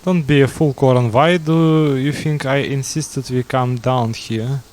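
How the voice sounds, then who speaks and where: A man's voice: medium pitch, steady tone, measured pace, a little mellow, close to an everyday voice. A man reading out a scheming female witch in a plain voice. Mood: demanding.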